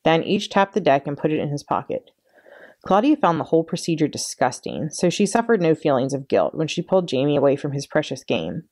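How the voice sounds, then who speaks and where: A woman librarian reading a children's chapter book aloud in an expressive storytelling way. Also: low voice, a little fast. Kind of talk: read-aloud storytime narration.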